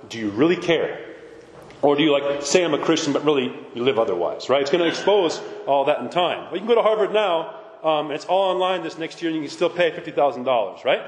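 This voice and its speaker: A male priest preaching a blunt, animated sermon with mocking asides. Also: high voice. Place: church. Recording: echoey hall from far off.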